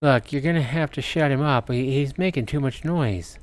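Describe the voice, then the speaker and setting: A man's voice: mid-range voice, moderate pace, no echo, voice pushed up, lightly acted. A man voicing a selfish survivor who speaks curtly and with hostility. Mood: hostile. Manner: curt and hostile. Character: selfish, harsh male survivor.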